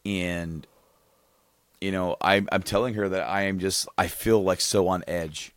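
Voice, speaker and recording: A man co-hosting a casual podcast, rambling through a funny story, laughing often and getting excited as he goes. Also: deep voice, unhurried, clean tone, no room sound. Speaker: podcast co-host. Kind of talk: casual chat, telling a story.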